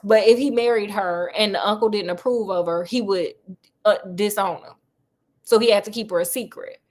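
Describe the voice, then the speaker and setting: A woman's voice: medium pitch, normal speed, a little mellow. A woman casually retelling a classic story in slangy, chatty speech with offhand asides.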